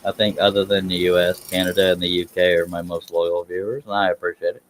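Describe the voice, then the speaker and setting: Low, soothing-voiced man chatting on a live stream. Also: fast talker, a little hiss or hum. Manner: relaxed, self-deprecating, chuckling asides. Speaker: scroll saw woodworking live streamer. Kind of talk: casual live-stream chat while working.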